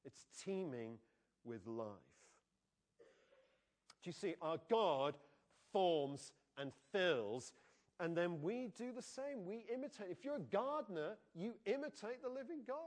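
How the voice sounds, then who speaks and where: Animated male preacher. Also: high voice, unhurried. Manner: animated, conversational, asks the congregation questions. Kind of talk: sermon. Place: church.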